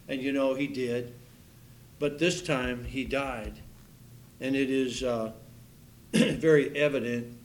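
A man preaching a sermon, reading scripture aloud and stressing key words loudly, with frequent fillers and restarts. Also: medium pitch. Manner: fervent, rising to loud emphasis with frequent fillers and restarts; reads scripture aloud in King James wording.

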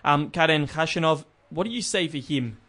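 A man's voice: a little high, normal speed, pushed and bright. Rambling man talking tennis. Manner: rambling, many restarts and "look" fillers. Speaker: podcast host. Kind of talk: casual sports chat.

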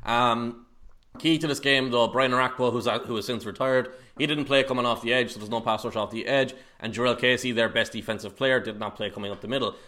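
A man's voice: mid-range voice, steady tone, brisk, sharp tone. Rambling man talking football. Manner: rambling, analytical, laughs often. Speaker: podcast co-host. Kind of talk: casual sports chat.

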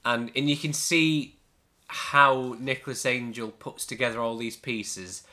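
Male podcast host, bright and forceful tone, chatty and animated. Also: medium pitch, unhurried. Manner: laughs often, animated storytelling. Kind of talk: casual film podcast chat.

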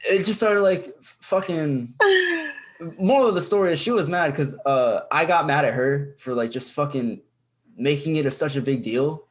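A man's voice: on the high side, moderate pace. A young adult man on a podcast, chatting in a rambling, profane way, full of fillers and restarts. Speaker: podcast co-host. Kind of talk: casual chat.

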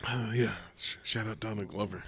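A man who co-hosts a podcast, reciting a spoken-word poem with a forceful rhythm and then chatting casually with plenty of profanity. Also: lowish voice, steady tone, normal speed, breathy edge. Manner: rhythmic, forceful delivery in the poem; profane, laughing banter in chat. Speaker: podcast co-host.

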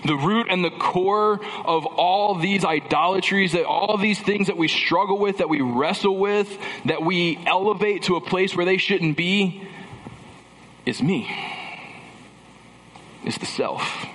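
A man's voice: high-pitched, a little slow, fairly bright tone. A man preaching a sermon in a church, emphatic, building through repeated phrases, with dry sarcastic asides. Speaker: pastor. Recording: long reverb of a large hall with faint background noise.

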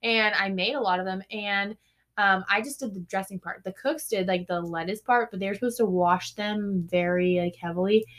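A woman in a casual chat, telling an animated story, acting out what people said and using plenty of "like". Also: mid-range voice, moderate pace. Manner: animated storyteller, acts out quotes, heavy "like" filler.

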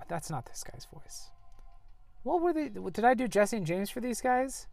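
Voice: mid-range voice, very animated, measured pace, vocal fry, darkish tone, no echo, studio quality. A player casually narrating a story game, describing the action and reading the characters' lines aloud. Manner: chatty, narrates actions, voices characters loosely. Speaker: gameplay narrator.

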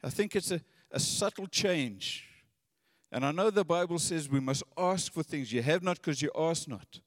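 A man's voice: a little high, normal speed, dry recording, clean studio sound, big-room sound. A man preaching a sermon in an earnest, conversational way, often repeating his words.

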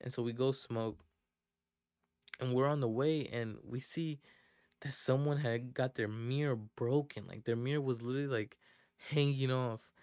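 Young guy rambling thru a story, lots of likes and restarts, smooth voice, dry close mic. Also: medium pitch, fairly even intonation, normal speed, darkish tone, no echo. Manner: rambling, slangy, many fillers and restarts. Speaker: podcast host. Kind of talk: casual storytelling.

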